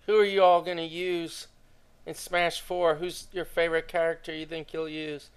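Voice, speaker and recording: A man's voice: fairly high pitch, level tone, normal speed, clean tone. A young man casually narrating a drawing tutorial, chatty and enthusiastic, talking straight to his viewers.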